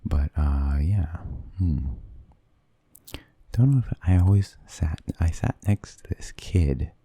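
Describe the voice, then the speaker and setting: A man with an extremely deep voice, dark and husky with a gravelly edge, tells hesitant, meandering stories in a soft-spoken ASMR style. He talks slowly and often drops into whispers close to the mic. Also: dry recording. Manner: rambling and hesitant, drifting into whispers. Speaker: ASMR creator.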